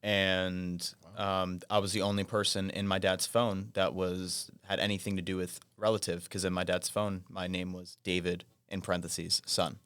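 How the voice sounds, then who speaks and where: Man, thirties, podcast co-host, low voice, soft-spoken storytelling, joking asides, dry sound. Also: little pitch movement, normal speed, hardly any pauses, smooth, no echo. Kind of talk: casual chat.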